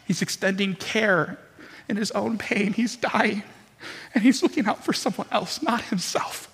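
A man delivers an impassioned, dramatic sermon from the pulpit, his voice high and bright with a husky edge. His words ring out through a church sanctuary with a long, trailing reverb. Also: moderate pace. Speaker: pastor. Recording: long reverb from a large hall.

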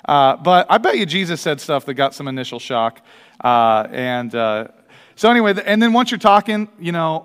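Midwestern male pastor, energetic, rapid conversational sermon, reverberant church hall. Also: on the high side, clear, resonant tone. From American Midwest. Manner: energetic, conversational, many restarts and acted-out quotes. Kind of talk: sermon with personal stories. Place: church sanctuary. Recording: long reverb of a large hall.

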